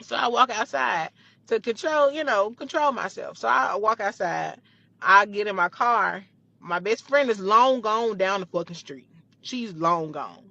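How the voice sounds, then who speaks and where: A woman tells a personal story in a lively, blunt way, swearing freely. Her voice is bright and forceful. The clip sounds dull and dry, like a lo-fi recording. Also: medium pitch, a little slow, gravelly, dry recording. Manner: animated, profane, blunt. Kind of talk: casual storytelling.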